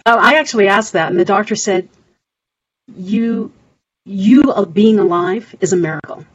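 A woman's voice: medium pitch, moderate pace, no echo. A middle-aged woman, a guest on a podcast interview, telling her story earnestly and acting out quoted voices. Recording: slightly dull audio with faint hiss.

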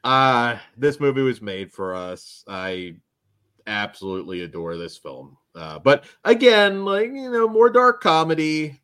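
A man's voice: medium pitch, very animated, a little slow, fairly bright tone, clear, resonant tone, no room sound, studio quality. A man hosting a film review podcast in casual chat, enthusiastic and laughing often, rambling with restarts. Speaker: podcast host reviewing films.

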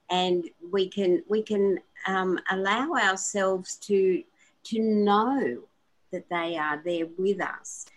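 A woman's voice: on the low side, poor audio. A woman co-hosting an online radio interview, speaking in an earnest, affirming way. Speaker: co-host. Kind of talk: interview talk.

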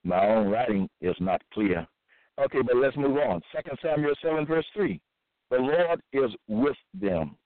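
A man reading scripture aloud in a halting, repetitive monologue, with frequent fillers and restarts. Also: medium pitch, lively intonation, no room sound. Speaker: self-styled preacher. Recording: dry, tinny phone-like sound.

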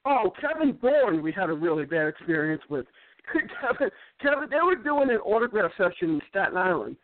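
A man's voice: sits high, sing-song, normal speed, no room sound. A man in casual chat telling rambling anecdotes, stammering into restarts and repeating words as he goes. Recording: tinny phone-like line, dry.

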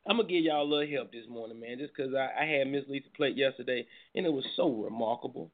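A man's voice: medium pitch, quick pace. A man hosting a casual morning show, laid-back and slangy. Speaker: radio show host. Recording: tinny phone-like audio.

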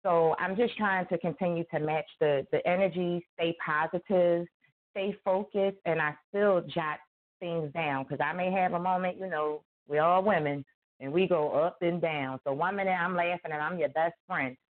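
Animated woman on a tinny call. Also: on the low side, normal speed. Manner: animated storyteller, acts out quotes, laughs often. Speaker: guest author. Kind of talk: casual chat. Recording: tinny phone-like line.

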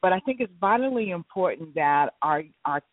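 A woman's voice: fairly low pitch, lively intonation, dry recording. Earnest radio co-host woman in her late 50s. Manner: earnest, halting, restarts often. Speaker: talk show co-host. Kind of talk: radio talk show commentary. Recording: dry, phone-like radio sound.

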